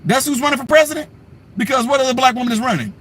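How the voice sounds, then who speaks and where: A man's voice: extremely high pitch, rapid-fire. A man hosting a livestream commentary, rambling and sarcastic in a slangy style. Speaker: commentary channel host.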